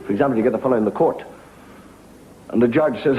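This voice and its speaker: A man doing a stand-up monologue with wry, deadpan storytelling in a TV studio. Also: mid-range voice, fast talker. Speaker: comedian. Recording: dull lo-fi TV recording with faint hiss.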